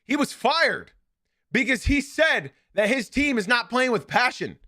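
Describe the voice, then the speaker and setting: A man's voice: extremely high pitch, very animated, measured pace, bright, forceful tone, dry recording, studio quality. A young man hosting a live sports podcast, giving opinionated commentary and repeating his points for emphasis. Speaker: podcast host.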